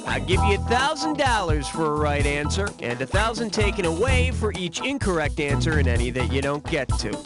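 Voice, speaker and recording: A man's voice: a little high, big pitch swings, brisk, few pauses. A man hosting a quiz game in a sarcastic, mocking way, swinging his voice up and down as he teases the players. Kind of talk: snarky game show hosting. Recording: loud music behind the voice.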